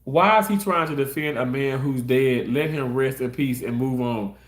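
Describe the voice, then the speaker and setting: A man with a mid-range voice rants on his live stream at a moderate pace, his sound reverberant. As a content creator in a casual rant, he gets heated and passionate, swearing and saying the same things over and over.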